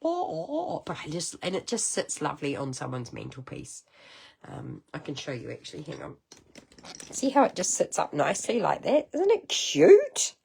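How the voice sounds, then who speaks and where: A middle-aged woman with a New Zealand accent hosting a casual card-making livestream, chatty and rambling, with sudden high exclamations. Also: very animated, moderate pace, vocal fry, a little mellow, breathy edge. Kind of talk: casual craft livestream chat.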